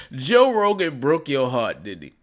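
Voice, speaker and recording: A man's voice: mid-range voice, fairly bright tone. A man delivering a ranting commentary, mocking and scolding with insults. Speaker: commentary vlogger.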